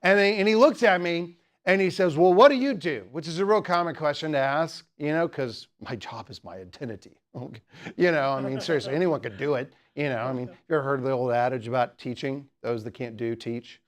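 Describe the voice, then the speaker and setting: A man's voice: fairly high pitch, brisk. A young man teaching a student club in a humorous lecture, teasing the audience and chatting with lots of fillers. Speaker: teacher giving a talk.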